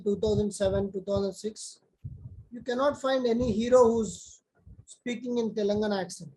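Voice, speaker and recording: A man's voice: high voice, normal speed, dark tone, rough recording. A man teaching an online class, talking conversationally and calling on students by name.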